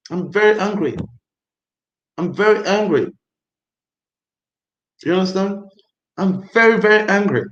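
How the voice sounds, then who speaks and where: A man's voice: high voice, highs cut off. Agitated man in an echoey room. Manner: emphatic, repetitive, agitated. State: angry and tense. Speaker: livestream host. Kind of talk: casual livestream chat.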